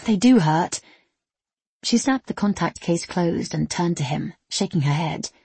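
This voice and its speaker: A woman narrating an audiobook in an even, steady reading voice. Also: lowish voice, normal speed, vocal fry, husky, dry recording.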